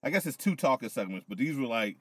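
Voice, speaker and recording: A man on a podcast, casually recapping wrestling with loose, profane, animated storytelling, a little tipsy. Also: medium pitch, quick pace, no room sound. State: tipsy from whiskey. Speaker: podcast co-host.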